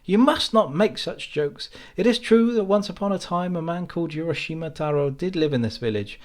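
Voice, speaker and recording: A man's voice: on the high side, animated, brisk, pitched above the performer's own voice, close to an everyday voice. A man voicing a bewildered village man who insists on what he knows. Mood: incredulous. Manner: incredulous, insistent. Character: bewildered village man, mocking then grave.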